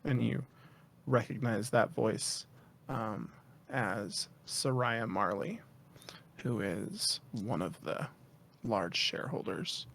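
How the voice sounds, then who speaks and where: A man narrating a tabletop game as game master, in a relaxed, halting way with many fillers. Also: lowish voice, vocal fry, a little hiss or hum.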